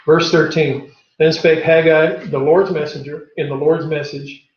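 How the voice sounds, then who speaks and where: A man with a somewhat high voice leads a Bible class in an echoey room. He reads scripture aloud and then asks the class questions. The recording is dull and lo-fi. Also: steady tone, normal speed.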